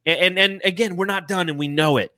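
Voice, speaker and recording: American man, podcast host, bright forceful voice, dry close mic, excited casual chat, swears freely. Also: high voice, fast, dry recording. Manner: emotional, swears freely, reads donations aloud.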